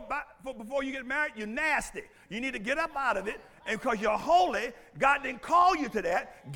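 A man preaching a sermon as pastor, animated and playful, calling out to the congregation and bursting into shouts. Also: very high-pitched, normal speed, few pauses. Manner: playful, teasing, laughs often.

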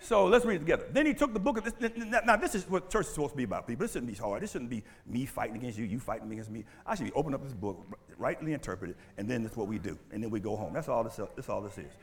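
Animated preaching man in a reverberant hall. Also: mid-range voice, very fast, few pauses, husky. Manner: animated preaching with call-and-response questions. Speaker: pastor. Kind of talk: sermon. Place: church sanctuary. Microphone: handheld or stand mic.

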